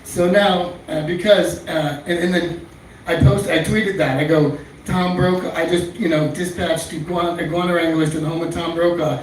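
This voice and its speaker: A man's voice: fairly high pitch, steady tone, moderate pace. A man doing a stand-up comedy set in a small club, telling crude, rambling stories. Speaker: stand-up comic. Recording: echoey room, far-off mic, faint noise.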